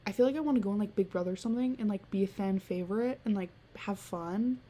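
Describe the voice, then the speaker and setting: A teenage girl talks to her listeners in a loose, rambling solo podcast, filling her sentences with "like" and breaking into giggles. Her voice sits at a middle pitch with a soft, mellow tone. A faint hiss runs underneath. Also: fast. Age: late teens. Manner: rambling, heavy use of "like", giggly. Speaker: podcast host. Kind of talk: casual solo podcast chat.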